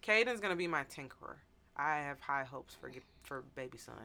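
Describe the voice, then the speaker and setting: A woman's voice: sits low, fairly quick. A woman hosting a podcast, chatting casually and laughing often as she tells stories. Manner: animated, laughs often, repeats words. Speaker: podcast host. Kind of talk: casual chat.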